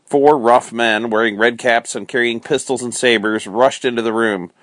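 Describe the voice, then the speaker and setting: A man reading a classic novel aloud as a bedtime story, calm and measured. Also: medium pitch, dry recording, clean studio sound.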